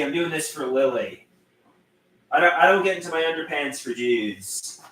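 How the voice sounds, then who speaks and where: A man's voice: on the high side, expressive, pushed and bright, reverberant. Rambling man reading out his chat. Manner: rambling, reads chat aloud, halting restarts. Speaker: livestreamer. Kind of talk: casual livestream chat.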